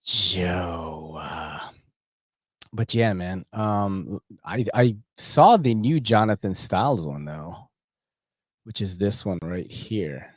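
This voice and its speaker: A man hosting a casual livestream and chatting in a slangy, laughing, animated way. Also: sits low, slow, no room sound, clean studio sound. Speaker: host.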